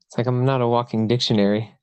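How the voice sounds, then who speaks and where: A man's voice: medium pitch, flat delivery, fast talker, a little mellow, clear, resonant tone, no room sound. A man hosting a casual podcast chat, laid-back and agreeing, swearing freely. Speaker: podcast host.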